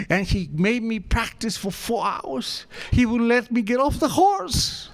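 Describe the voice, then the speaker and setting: Man, high voice, comic storytelling, self-mocking, acts out scenes, sound effects. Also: very animated, a little slow, fairly bright tone. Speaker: recovery meeting speaker. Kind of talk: comic storytelling talk to an audience.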